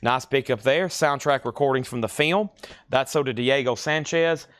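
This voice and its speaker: A man's voice: medium pitch, moderate pace, fairly bright tone, no echo. A man hosting a live vinyl record sale, rattling off titles, conditions and prices with chatty asides. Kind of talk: live record auction patter.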